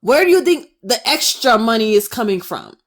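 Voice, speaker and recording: In her vlog, a woman in her twenties rants passionately to camera, firing off emphatic rhetorical questions. Her voice is a little high and very animated, at a moderate pace.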